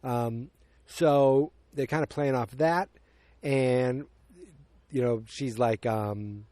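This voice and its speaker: A man's voice: mid-range voice, slow pace, darkish tone, no echo. A man hosting a podcast, casually recapping a movie plot in a rambling way, full of fillers and acted-out quotes. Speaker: podcast host.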